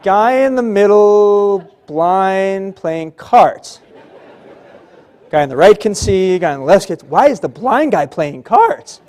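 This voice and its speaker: A man with a high-pitched voice delivers a motivational keynote at a civic luncheon. He tells his story with vivid drama and voices the other people in it as he goes. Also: expressive, slow, darkish tone, some chatter behind. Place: large banquet hall.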